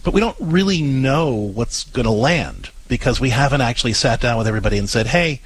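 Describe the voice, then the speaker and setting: A man's voice: medium pitch, expressive, husky, rough recording. A man co-hosting an advice show, talking earnestly with frequent restarts and stumbles. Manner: earnest, halting with many restarts. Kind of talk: casual advice talk.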